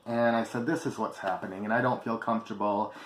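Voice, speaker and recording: A man recounts a personal story straight to his viewers, blunt and emphatic, with casual swearing. His voice sits a little low. The room around him rings with echo, and a faint background hum stays under it. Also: fairly even intonation, fast talker. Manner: candid, emphatic, swears freely. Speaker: vlogger. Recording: echoey room with faint ambience.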